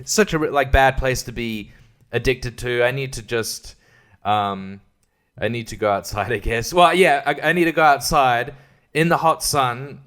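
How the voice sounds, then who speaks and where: A man's voice: medium pitch, steady tone, normal speed, a bit bright, clean tone. A young man hosting a rambling solo podcast, sarcastic and full of fillers. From Australia. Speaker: podcast host.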